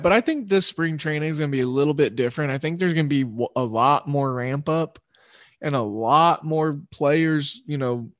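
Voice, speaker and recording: On a casual sports betting show, the male host wanders through his picks and keeps correcting himself. He has a fairly high voice, captured at studio quality without echo.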